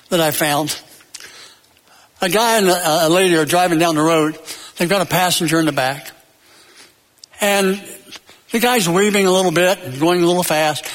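A man preaching a sermon, emphatic, building to loud peaks and then dropping low, with stories and jokes along the way. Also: long reverb tail.

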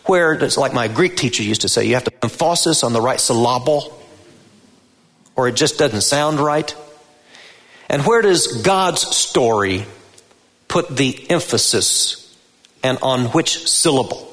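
A male pastor preaching a sermon in a church sanctuary, deliberate and emphatic, lifting his voice on key words. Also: mid-range voice, lively intonation, a bit bright. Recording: long reverb of a large hall.

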